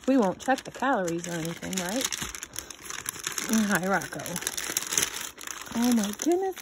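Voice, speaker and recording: A woman's voice: medium pitch, expressive, moderate pace, background noise. A woman hosting her own channel, gushing and exclaiming as she unboxes a gift box. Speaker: channel host. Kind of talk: unboxing vlog.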